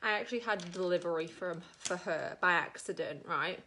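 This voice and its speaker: A woman's voice: lowish voice, a little fast, sharp tone, a little hiss or hum. A middle-aged woman with an Australian accent, doing her makeup on camera and telling a long rambling story full of fillers. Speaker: makeup vlogger.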